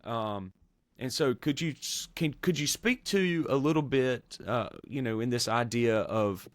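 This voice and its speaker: A man, a pastor and podcast host, talking through theology in an earnest, measured way, with many fillers and restarts. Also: medium pitch, no room sound. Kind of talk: conversational theology discussion.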